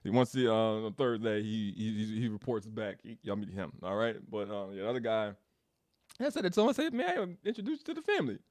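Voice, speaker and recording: Man, casual storytelling rant, lively swooping pitch, laughs and swears a lot, dry close sound. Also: fast, dry recording. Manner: animated, laughs often, swears, repeats himself. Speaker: game studio developer giving an update.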